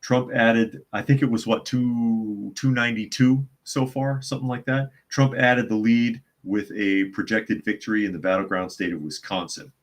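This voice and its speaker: A man's voice: fairly low pitch, fairly even intonation, moderate pace, hardly any pauses. A man hosting a casual news commentary stream, reading headlines and viewer comments with blunt, scornful remarks and frequent repetition. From US South. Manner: blunt, scornful, repeats phrases for emphasis.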